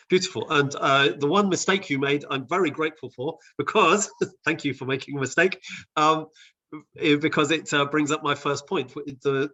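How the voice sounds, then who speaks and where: Bright-voiced man teaching a session. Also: fairly high pitch, muffled recording. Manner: thoughtful, with frequent hesitations and restarts. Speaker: Bible translation advisor leading a session. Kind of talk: explanatory teaching talk.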